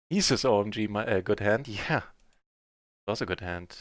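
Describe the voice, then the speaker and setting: A man streaming live poker, chatting through his hands in a mutter that breaks into excited shouts on big wins. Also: lowish voice, measured pace, pauses often, no room sound, studio quality.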